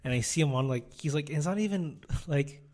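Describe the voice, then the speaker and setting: A man's voice: fairly high pitch, a little fast, a little mellow. Rambling man telling casual stories. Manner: rambling anecdotes, filler-heavy, quotes people. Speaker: podcast co-host. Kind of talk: casual storytelling.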